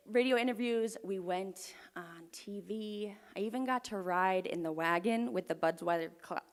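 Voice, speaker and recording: A young woman telling a personal story live on stage to an audience, earnest and often dropping to a hushed near-whisper. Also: lowish voice, clear, resonant tone. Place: performance venue with audience. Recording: long hall reverb.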